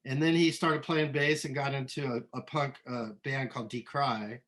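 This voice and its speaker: A middle-aged man from Southern California, a musician being interviewed, talking in a relaxed, rambling way with many ums and restarts. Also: medium pitch, moderate pace. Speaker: musician guest. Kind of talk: casual interview.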